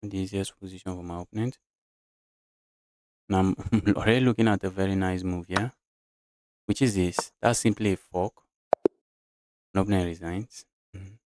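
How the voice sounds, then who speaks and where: A man's voice: low voice, steady tone, normal speed, pauses often, a little mellow, a little hiss or hum. A man with a Nigerian English accent, streaming chess live, talking through his moves and answering his chat in a chatty way.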